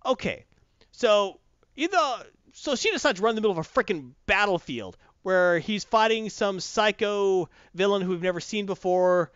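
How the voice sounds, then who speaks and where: A man's voice: sits high, expressive, normal speed, a bit bright, smooth, no echo. A man giving a blunt, profane, mocking review of a comic book in casual chat. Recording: dull dry close-mic sound.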